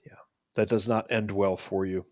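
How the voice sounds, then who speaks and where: Co-host, male, lowish voice, wry, dry close sound. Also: little pitch movement, normal speed, a little mellow, dry recording. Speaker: live stream co-host. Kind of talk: casual live stream chat.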